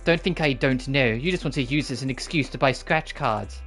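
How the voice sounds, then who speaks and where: A man voicing a prim, sharp-tongued young woman who is all etiquette, reading game dialogue aloud. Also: mid-range voice, brisk, soft background music, natural voice.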